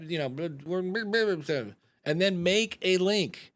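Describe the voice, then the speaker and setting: A man's voice: high voice, moderate pace, few pauses, fairly bright tone. A man, a podcast coach hosting a live advice chat, rambling and acting out example announcements.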